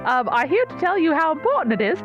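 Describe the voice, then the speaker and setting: A woman's voice: high voice, very animated, quick pace. A woman voicing a folksy, chipper wartime ad announcer in a hammy old-time radio style. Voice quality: hammy, sing-song announcer delivery. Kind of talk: old-timey radio ad parody. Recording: muffled lo-fi sound with music. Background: music.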